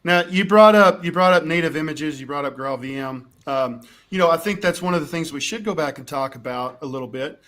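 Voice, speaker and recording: A man's voice: a little high, a little fast, hardly any pauses, a bit bright. A man hosting a casual tech show, asking questions eagerly. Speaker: show host.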